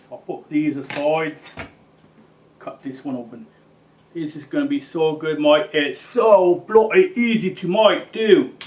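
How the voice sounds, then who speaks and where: A man with a fairly high voice, recorded from a distance with slight background noise, hosts a mock-serious cooking demonstration. He rambles and jokes, dropping slangy asides like "mate" and "bloody."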